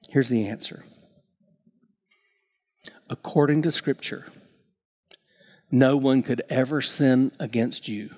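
Preaching to his listeners, a male pastor dramatizes story characters with big jumps in pitch and volume. The tone is somewhat dark, and his speech is full of stammered restarts.

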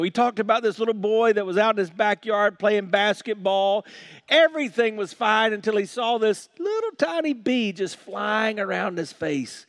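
A man preaching a sermon as pastor, swinging from quiet, slow lines to loud, shouted ones. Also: high voice, expressive, dry recording.

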